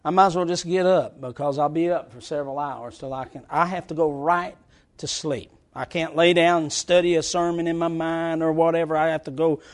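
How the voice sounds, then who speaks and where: A man with a slightly high voice and steady tone preaches a sermon, swinging between shouted lines and hushed, drawn-out words. He tells folksy stories through laughter.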